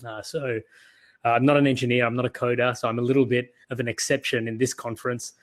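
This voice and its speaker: A man's voice: medium pitch, level tone, quick pace. A man with an Australian accent giving a virtual conference talk, telling stories in an earnest way. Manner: earnest, storytelling delivery. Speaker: conference speaker.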